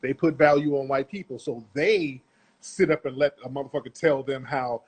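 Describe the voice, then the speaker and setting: A middle-aged man delivers ranting commentary on a video clip, blunt and full of profanity as he lectures his listeners. His voice is slightly raised in pitch and carries a husky edge. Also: lively intonation, moderate pace.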